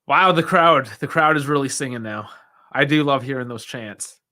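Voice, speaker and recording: A young man hosts a football watch-along stream, giving casual live match commentary as he chats with his viewers and reacts out loud with sighs and laughs. His mid-range voice moves at a normal speed and sounds pushed and bright.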